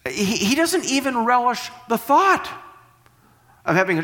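A man preaching with a lively, rising and falling voice, slightly high for a man. He reads scripture slowly and breaks into animated paraphrase. The sound rings with the long reverb of a large hall. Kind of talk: sermon with scripture reading.

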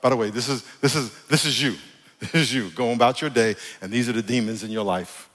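Emphatic preaching man, bright voice, big hall echo. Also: mid-range voice, a little fast. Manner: emphatic, preachy, jokey with crowd. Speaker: pastor. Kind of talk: sermon. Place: church hall.

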